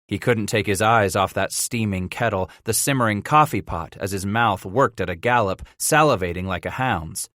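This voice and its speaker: A man narrating a western audiobook in a measured storytelling manner. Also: fairly low pitch, fairly bright tone, no echo, clean studio sound. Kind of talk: scripted narration of a western novel.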